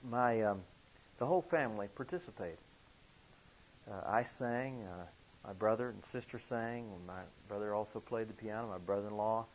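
A man preaching a sermon, telling a story earnestly, with sudden emphatic rises in pitch. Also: slight background noise. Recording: dull lo-fi recording.

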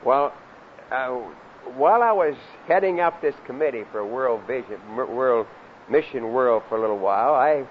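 An older man preaching a sermon, swinging between loud emphatic lines and low asides, and leading the congregation in reciting scripture. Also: lively intonation, normal speed. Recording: dull lo-fi sound with faint hiss.

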